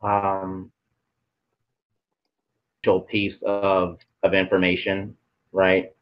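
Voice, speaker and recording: Guy channeling spirit messages, swears a lot, lots of ums, lowish voice, muffled audio. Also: monotone, very slow. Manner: relays spirit messages with blunt swearing, hesitant fillers. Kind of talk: live channeling Q&A.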